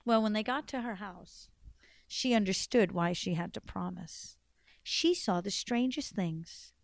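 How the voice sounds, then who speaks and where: A woman storyteller telling a folktale aloud in an expressive, lively way, raising and dropping her volume for drama. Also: mid-range voice, a little slow, gravelly, no room sound.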